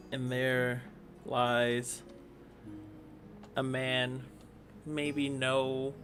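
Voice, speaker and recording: A man narrating a tabletop role-playing game as game master in a relaxed, casual way, full of fillers like "like" and "kinda.". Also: medium pitch.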